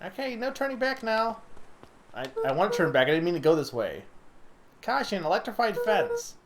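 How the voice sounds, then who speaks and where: Chatty streamer guy with lively pitch. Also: moderate pace, background noise. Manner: chatty, giggly, tries silly voices. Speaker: streamer playing a visual novel. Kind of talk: let's play commentary, reading character lines aloud.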